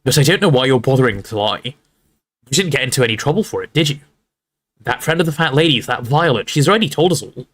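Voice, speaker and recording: A man's voice: medium pitch, expressive, fast, lightly acted. A man voicing a jealous, sarcastic teenage boy who sulks at a friend he believes is lying. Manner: sarcastic, sulky, skeptical.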